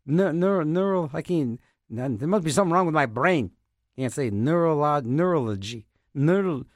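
A man with a high, lively voice that leaps all over its range, hosting his own show and rambling through a goofy comic monologue. He stumbles over words, repeats them and argues back at himself, and the sound is close and completely dry. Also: normal speed, no room sound. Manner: playful, self-mocking, trips over words and repeats them; talks to himself in back-and-forth mock dialogue. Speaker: radio show host.

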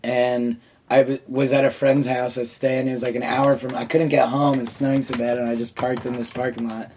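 A man's voice: mid-range voice, flat delivery, fairly quick, a little mellow, a little hiss or hum. A man hosting a podcast, telling loose, profane, jokey stories in casual chat. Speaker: podcast host.

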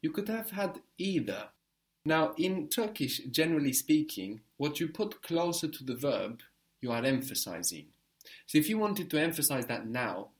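A man's voice: medium pitch, sing-song, moderate pace. A man teaching a spoken language lesson, patiently explaining step by step and prompting his learner.

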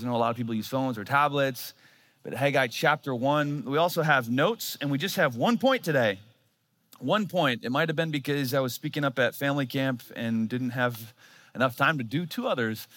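A man's voice: mid-range voice, fairly bright tone. A man in his thirties, a pastor, preaching a sermon in a church and telling a self-mocking story.

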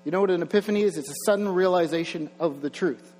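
A man's voice: high voice, quick pace, darkish tone. Man preaching in a reverberant church. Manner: conversational, chuckling asides, builds in energy. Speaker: pastor. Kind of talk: sermon. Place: church sanctuary. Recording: long hall reverb, faint mains hum.

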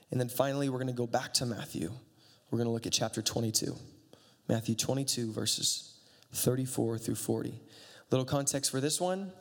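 A man's voice: medium pitch, brisk. A man preaching a casual, conversational sermon with sarcastic asides, reading and explaining scripture. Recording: long reverb of a hall.

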